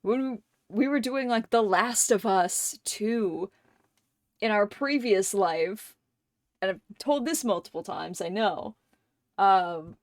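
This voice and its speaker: Woman streamer, candid and emotional, plenty of swearing, relaxed slow delivery. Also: medium pitch, dry recording. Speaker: livestream gamer. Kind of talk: casual chat while streaming a game.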